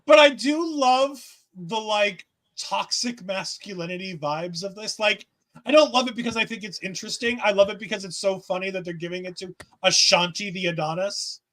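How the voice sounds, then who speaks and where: A man's voice: high-pitched, normal speed, fairly bright tone. A man co-hosting a casual wrestling post-show, talking animatedly and playfully mocking the people he discusses. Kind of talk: casual chat.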